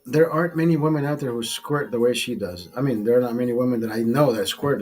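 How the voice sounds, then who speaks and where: A man's voice: mid-range voice, quick pace, hardly any pauses, a little mellow, breathy edge, soft background music. A man hosting a casual late-night chat over beers, tipsy, crude and rambling, repeating himself and laughing often. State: tipsy from drinking. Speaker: livestream host.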